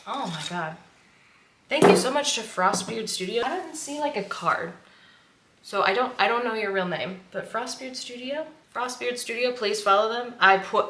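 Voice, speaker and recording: A woman's voice: medium pitch, bright, forceful tone. A woman vlogging casually who gushes, chats and laughs often. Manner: gushing, chatty, laughs often. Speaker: sewing vlogger. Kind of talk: casual vlog chat. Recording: echoey room, faint noise.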